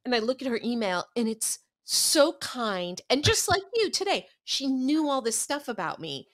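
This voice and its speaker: Storytelling woman guest, fairly high voice. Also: normal speed, few pauses. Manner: storytelling, lively, acts out quoted voices. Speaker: author and guest. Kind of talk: casual interview chat.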